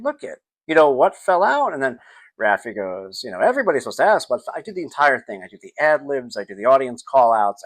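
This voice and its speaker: A middle-aged man talks through a relaxed solo podcast, his pitch swinging widely as he retells family moments. He drops into quick acted-out voices and bits of children's songs along the way. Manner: animated, acts out scenes, sings snippets. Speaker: podcast host. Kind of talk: casual solo podcast storytelling.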